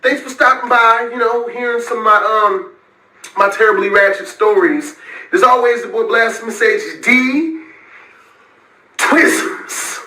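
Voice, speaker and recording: A young man narrating an animated story in an excitable, loud way, often laughing as he tells it. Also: very high-pitched, measured pace. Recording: echoey far-off audio with music.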